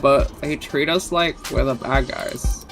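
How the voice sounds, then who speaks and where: A woman's voice: a bass voice, slow, music in the background, voice pushed down, exaggerated voice. A woman voicing a cynical, defiant outlaw in a dramatic reading of game dialogue, with an intense delivery that builds to a chant. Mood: bitter. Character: cynical, defiant outlaw giving a ruthless speech.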